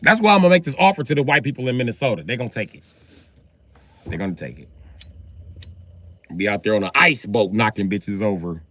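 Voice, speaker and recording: A male comedian doing a crude, brash stand-up bit, loudly acting out characters and exchanges. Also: on the low side, animated, fairly quick, pauses often.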